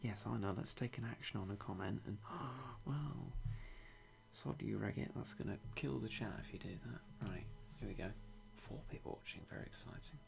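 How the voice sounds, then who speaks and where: A young British man streaming a game, talking in a hushed, half-whispered way with dry self-mocking humour. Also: on the low side, normal speed, gravelly, music in the background. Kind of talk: quiet live-stream game commentary.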